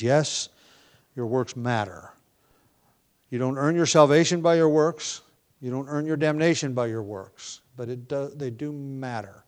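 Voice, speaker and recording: A man preaching a verse-by-verse sermon, reading scripture with rising emphasis and slipping into relaxed asides with ums and light laughs. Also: mid-range voice, unhurried. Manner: conversational with filler ums and restarts. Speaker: pastor. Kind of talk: expository sermon.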